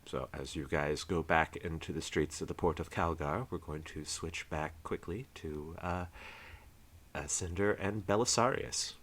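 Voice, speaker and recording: A man narrating a tabletop game as game master, describing scenes in a relaxed way with fillers. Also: a bass voice, a little slow.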